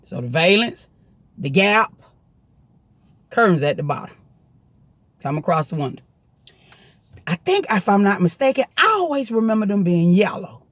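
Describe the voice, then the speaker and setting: A woman with a Southern US accent telling a story in a chatty, profane, animated way to the camera. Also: mid-range voice, moderate pace, pauses often, no echo.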